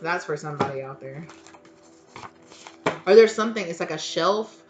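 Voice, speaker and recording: A woman's voice: on the low side, lively intonation, moderate pace, noisy background. A woman giving a casual tarot reading, blunt and emphatic, swearing freely and repeating her points. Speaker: tarot reader.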